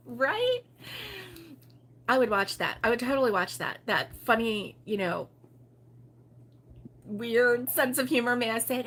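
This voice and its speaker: A woman from Baltimore hosting a relaxed morning livestream, chatting and giggling as she reads viewer comments aloud. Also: on the high side, a little slow, pauses often, a little hiss or hum. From Baltimore, USA. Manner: chatty and giggly, with frequent fillers and laughs. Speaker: host of a crochet livestream. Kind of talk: casual morning chat reading viewer comments.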